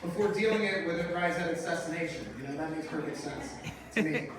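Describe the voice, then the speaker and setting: A man's voice: a little high, fast talker, noisy background. A man doing a stand-up comedy set in a club, with a brash, profane, mock-outraged delivery. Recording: roomy live club sound, mic heard from a distance, crowd. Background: audience laughter.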